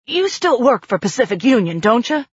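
A woman voicing an easygoing older man who talks in a folksy, relaxed way. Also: fairly high pitch, moderate pace, slightly rough, no room sound, voice pushed up. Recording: dull dry studio read.

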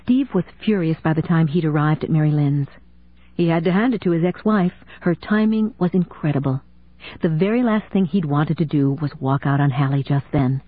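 A woman narrating a romance audiobook in a steady, even storytelling manner with a husky voice. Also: sits low, moderate pace. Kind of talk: scripted narration. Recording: dry tinny phone-like sound.

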